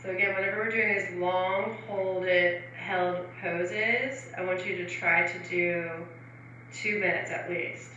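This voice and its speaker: Chatty woman stretch coach, bright voice, heard from across an echoing room. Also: lowish voice, steady tone, measured pace, slight background noise. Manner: chatty, laughs often, filler-heavy. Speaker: stretching instructor. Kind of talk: casual instruction. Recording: roomy echo from far off.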